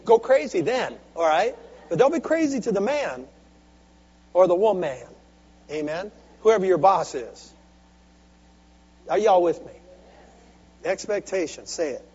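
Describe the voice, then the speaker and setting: A man preaching a sermon with call-and-response, swinging from soft, intimate asides to loud, driving exhortation. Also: high voice, very animated, a little slow, pauses often, slightly rough. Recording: dull lo-fi recording with faint hum.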